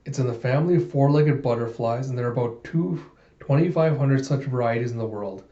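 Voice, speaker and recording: A man reading a comic aloud, telling the story in a casual, animated way. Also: medium pitch, a little fast. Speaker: comic readthrough host. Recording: echoey room, dull lo-fi sound.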